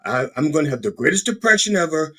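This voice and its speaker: A man's voice: fairly high pitch, very animated, fast, sharp tone, pitched above the performer's own voice, heavily acted. A man mocking a boastful blustering politician. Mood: gloating. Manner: mocking, gloating.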